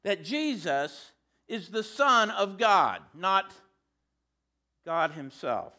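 A man's voice: sits high, very animated, extremely slow, bright, forceful tone. A man preaching a sermon in a conversational way, with joking asides.

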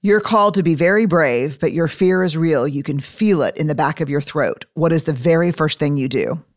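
A woman hosting an interview podcast, upbeat and casual, steering the guest through rapid-fire questions and swearing now and then. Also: low voice, no echo, studio quality. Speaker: podcast host. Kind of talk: conversational interview.

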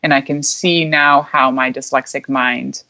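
A woman's voice: very deep voice, steady tone, measured pace, pushed and bright. A young adult woman, a guest, telling her story in a casual, chatty way with frequent laughs and fillers. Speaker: guest, micro school founder. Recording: dull lo-fi sound.

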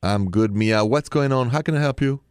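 A man's voice: medium pitch, moderate pace, smooth, dry recording, clean studio sound. A middle-aged man with a French accent hosting a call-in relationship advice show, playful and laughing often. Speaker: radio advice show host.

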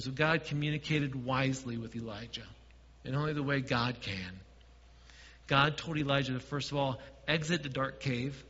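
Bright-voiced man preaching in a hall. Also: mid-range voice, lo-fi sound. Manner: preaching with quiet dips and emphatic swells. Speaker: pastor. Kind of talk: sermon.

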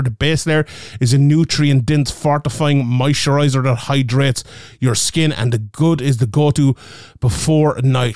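A man's voice: medium pitch, darkish tone, clear, resonant tone, no echo, clean studio sound. A young man hosting a podcast from his home office, reading ads and chatting in a jokey, rambling way that keeps correcting itself. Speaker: podcast host. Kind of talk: casual ad read and sports chat.

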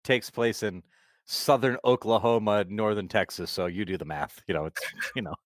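A man hosting a casual podcast, animated and quick with laughing asides. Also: fairly low pitch, dry recording, studio quality. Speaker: podcast host. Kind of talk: casual chat.

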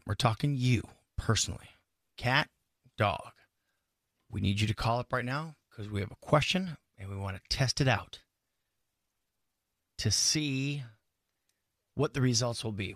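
A man co-hosting a morning radio call-in show, animated and playing out scenarios for callers. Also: mid-range voice, no echo, clean studio sound. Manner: animated, plays out scenarios in quoted voices.

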